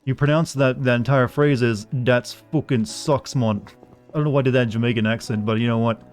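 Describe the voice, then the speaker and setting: A man's voice: mid-range voice, steady tone, fast talker, clean tone, faint music behind. Offhand, rambling male streamer. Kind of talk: casual live-stream commentary.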